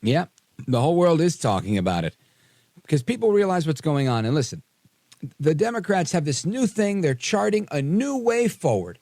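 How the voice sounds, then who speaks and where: Brief: gravelly, dry-sounding talk radio host, casual and sarcastic, heavy on "uh" fillers. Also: male voice, on the high side, big pitch swings, moderate pace, a little mellow, no room sound. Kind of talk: live talk radio commentary. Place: radio studio.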